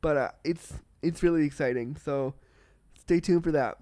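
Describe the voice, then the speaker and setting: A man hosting a solo podcast in a casual, candid and excitable way, swearing freely and talking with a slight cold. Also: fairly high pitch, normal speed, no room sound. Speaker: podcast host.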